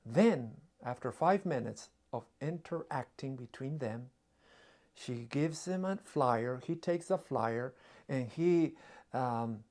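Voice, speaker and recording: A male preacher tells a story from the pulpit with dramatic pauses and repeated phrases. His voice climbs and drops expressively, sitting at a middle pitch. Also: darkish tone. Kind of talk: storytelling sermon.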